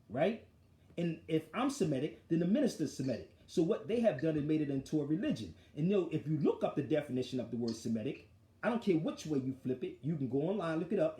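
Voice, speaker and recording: A man hosting a talk show, telling the story of an argument in a forceful, animated way. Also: on the high side, reverberant. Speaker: show host. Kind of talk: casual street talk storytelling.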